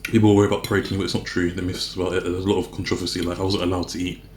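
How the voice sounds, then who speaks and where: Man, deep voice, fast, rambling, echoey room. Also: little pitch movement, a little hiss or hum. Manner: rambling, self-correcting, chatty. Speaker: vlogger. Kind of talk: casual talk to camera while eating.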